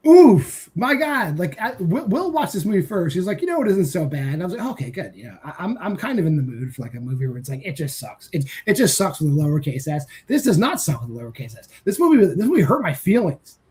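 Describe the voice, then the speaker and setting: Dude ranting about a terrible horror flick, cursing a lot, voice all over the place. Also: male voice, sits high, very animated, quick pace, few pauses, a little mellow. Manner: profane, exasperated rants. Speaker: podcast co-host. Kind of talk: casual movie review chat.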